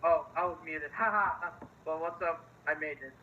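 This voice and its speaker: A man's voice: on the high side, moderate pace. A man joining a voice chat as a guest, talking in a laid-back way. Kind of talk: casual chat over voice call. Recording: dull lo-fi voice chat with faint hiss.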